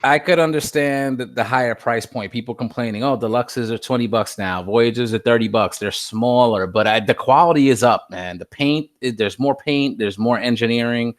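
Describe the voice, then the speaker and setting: A man's voice: medium pitch, moderate pace, hardly any pauses, no echo, clean studio sound. A man co-hosting a casual toy unboxing, describing the figure in an easygoing way with plenty of "um"s. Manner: easygoing, descriptive, many fillers. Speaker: co-host reviewing a toy figure.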